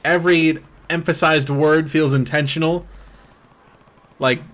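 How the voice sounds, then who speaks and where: A man's voice: fairly high pitch, fairly even intonation, unhurried, fairly bright tone. A man streaming a game in casual commentary, rambling as he explains and often saying "like". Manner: rambling, heavy use of "like".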